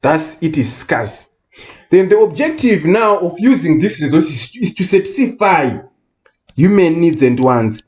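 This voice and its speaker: A man tutoring economics in a recorded lesson, speaking deliberately and repeating key words for emphasis. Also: fairly high pitch, sing-song, muffled recording. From Southern Africa.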